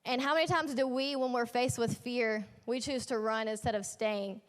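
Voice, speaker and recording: A woman's voice: fairly high pitch, fairly even intonation, normal speed. A young woman leading a youth ministry, preaching a casual sermon in a chatty, slangy storytelling way with playful asides. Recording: echoey hall.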